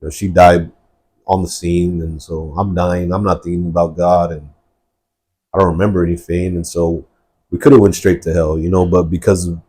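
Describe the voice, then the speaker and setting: A man with a low, dark voice tells his life story in a podcast interview. He talks earnestly and rambles, with a husky edge and many fillers. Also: level tone, normal speed. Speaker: guest sharing testimony. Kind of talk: personal testimony in a podcast interview.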